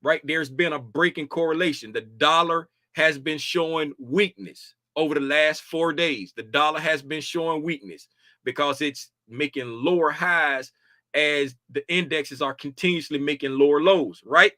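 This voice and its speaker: A tired man talks through a chart walkthrough in a loose, colloquial way, tagging "right?" onto his points. His voice sits a bit high and sounds bright and forceful. The recording is dry, with no room sound. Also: normal speed, dry recording. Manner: conversational, repeats "right?" often, colloquial speech. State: tired, dragging. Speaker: futures trading educator. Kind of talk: casual screen-share chart walkthrough.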